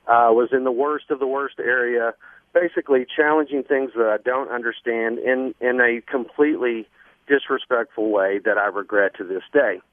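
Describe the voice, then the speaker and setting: A man guest earnestly telling a long personal story on a radio show, halting often with fillers. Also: medium pitch, fairly even intonation, no echo. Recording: dry phone line.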